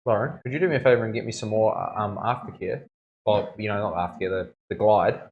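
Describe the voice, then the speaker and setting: A man's voice: fairly low pitch, fast talker, phone-quality sound. Easygoing man chatting while he tattoos. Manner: easygoing, joking, half-mumbled while concentrating. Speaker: tattoo artist streaming. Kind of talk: casual chat while working. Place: tattoo studio.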